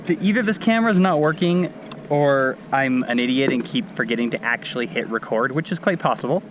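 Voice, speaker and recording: A man talking casually to the camera at an outdoor race venue, mid-pitched and joking at his own expense. He chats loosely and laughs at himself between runs. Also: lively intonation, a little fast, slight background noise. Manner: self-deprecating, chatty, laughing at himself. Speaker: enduro mountain bike racer. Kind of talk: casual vlog commentary.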